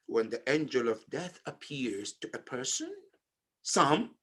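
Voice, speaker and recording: Guy giving a slow sermon, kinda high voice, goes loud then drops real quiet. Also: husky. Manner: slow, swings between loud emphatic phrases and hushed low ones. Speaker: speaker at a memorial majlis. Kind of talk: sermon storytelling. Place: community center.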